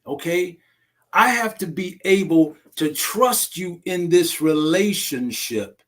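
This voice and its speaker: A man's voice: high voice, animated, slow, a bit bright. A man who runs domestic violence classes, speaking emphatically to a discussion group and often checking that listeners follow him.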